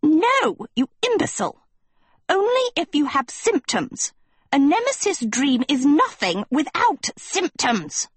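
A woman's voice: very animated, slow, slightly rough, dry recording, full character voice. A woman voicing a cruel witch teacher who shrieks contemptuous insults at her class. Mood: scornful. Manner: sneering, shrill, contemptuous. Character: cruel shrill female witch teacher, furious.

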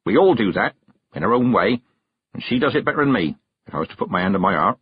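A man voicing a stern, blunt old woman witch who talks in plain, rough country grammar, in a storybook reading. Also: on the low side, sing-song, quick pace, dry recording, dull audio. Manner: gruff, plain-spoken, dropped-g country grammar.

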